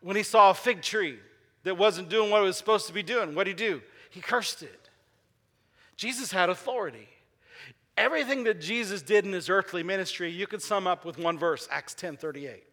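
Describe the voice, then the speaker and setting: High, bright-voiced preacher in a reverberant hall. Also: male voice, normal speed. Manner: call-and-response preaching, asking the congregation questions; repeats key phrases for emphasis. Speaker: pastor. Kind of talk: sermon. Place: church sanctuary. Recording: long reverb of a large hall.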